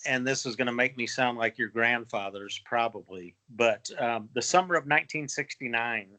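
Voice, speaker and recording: A man's voice: mid-range voice, normal speed, bright, forceful tone, rough recording. Easygoing Texas man, radio guest. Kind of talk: casual interview.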